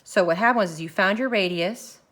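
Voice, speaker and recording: A woman teaching a recorded math lesson, walking through each step slowly and thinking aloud as she films her worksheet. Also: mid-range voice, fairly bright tone. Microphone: phone camera filming her worksheet.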